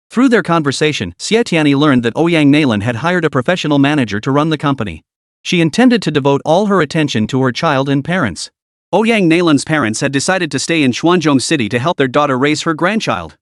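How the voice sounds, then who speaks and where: Lively male story narrator. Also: fairly high pitch, fairly quick, no echo, studio quality. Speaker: recap narrator.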